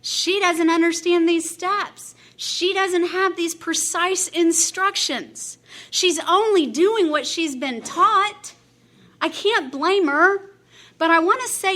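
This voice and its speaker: A woman from Dallas, giving an animated recovery meeting share, laughing often and acting out her own past dialogue. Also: extremely high pitch, unhurried. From Dallas, Texas. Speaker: AA speaker.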